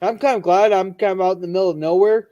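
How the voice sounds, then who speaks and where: A man hosting a casual live stream, reading viewer comments aloud and chatting in a rambling, halting way with many restarts. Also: high-pitched, steady tone, mellow. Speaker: livestream host reading chat comments. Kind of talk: casual chat and joke telling.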